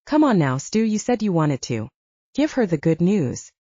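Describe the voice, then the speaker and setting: A woman voicing a loud, jovial older male law partner with a booming, hearty manner, in a slightly muffled lo-fi recording. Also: sing-song, normal speed, no echo.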